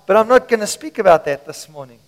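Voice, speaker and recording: A man preaching a sermon as a pastor, pressing his points with slow, emphatic stresses, in a church hall. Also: sits high, expressive. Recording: long hall reverb.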